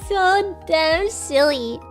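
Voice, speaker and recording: Very high-pitched giggly woman streamer. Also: expressive, extremely slow, faint music behind. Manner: giggly, rambling, lots of fillers. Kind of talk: casual livestream storytelling.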